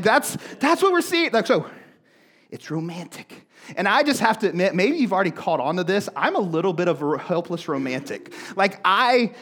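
High-voiced chatty young man preaching. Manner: animated, chatty, fills talk with "like". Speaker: pastor. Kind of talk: casual sermon.

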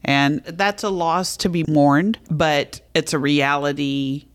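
A woman author who is a guest on a faith podcast, telling her own story in a candid, calm way. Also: sits low, slow pace, clean tone.

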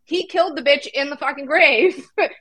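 A woman with a high, bright voice in casual chat, swearing freely and laughing between lines. The sound is dry and close, with no room around it. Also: a little fast, no echo, rough recording.

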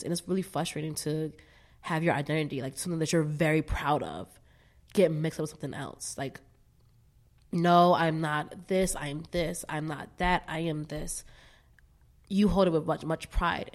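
A woman's voice: low voice, a little mellow. A young woman raised in the US with a Barbadian family, chatting candidly as a guest, swearing freely and laughing often. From United States, Caribbean American family from Barbados. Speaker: podcast guest. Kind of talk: casual chat.

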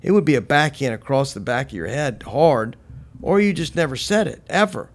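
A man's voice: medium pitch, expressive, normal speed. Crude, joking middle-aged man. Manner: crude, self-mocking joking. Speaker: podcast co-host. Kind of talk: casual chat.

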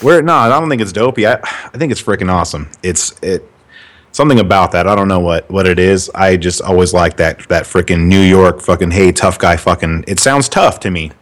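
Low-voiced profane young man. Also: brisk. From California. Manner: profane, rambling. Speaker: podcast host. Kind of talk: casual podcast chat.

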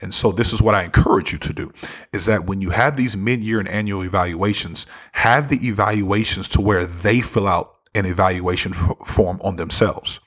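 A man's voice: low-pitched, moderate pace, a bit bright, breathy edge. A man giving an earnest, conversational talk on leadership, often checking in with "right?". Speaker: speaker on leadership. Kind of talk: motivational talk.

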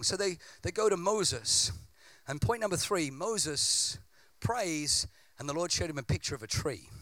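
Male preacher, high bright voice, impassioned sermon with repeated build-ups, dry sound. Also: no room sound.

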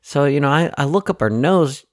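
A man's voice: on the high side, expressive, moderate pace, dry recording, studio quality. A man co-hosting a podcast, telling joking stories in casual chat, with frequent restarts. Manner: rambling, jokey storytelling with restarts. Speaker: podcast co-host.

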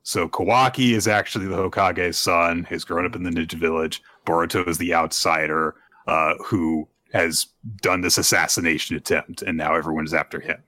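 A man's voice: low-pitched, normal speed, hardly any pauses, no echo. A man on a casual podcast, retelling a manga chapter and acting out the characters' lines with lots of fillers. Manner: animated storytelling, acts out character quotes, many "uh"s. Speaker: podcast co-host recapping manga.

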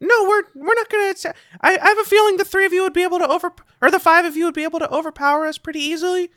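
A jittery teenage goblin, as a game master puts him on, his voice squeaking far above a normal speaking range and tumbling out in quick, stammering bursts. He rambles and trips over his own sentences, eager but a little nervous around strangers in his cave. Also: steady tone, fairly bright tone, dry recording, clean studio sound. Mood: flustered. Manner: rambling, halting. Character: young male goblin host, nervous and chatty.

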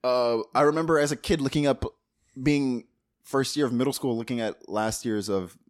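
A man's voice: mid-range voice, moderate pace. A man co-hosting a casual film recap chat, rambling with many fillers and frequent laughs. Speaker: podcast co-host.

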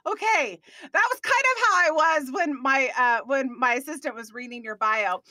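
A woman's voice: high voice, expressive, normal speed, bright, forceful tone, dry recording, clean studio sound. A woman hosting a podcast, chatting with a guest in an upbeat, enthusiastic way and laughing often. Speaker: podcast host. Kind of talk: upbeat interview chat.

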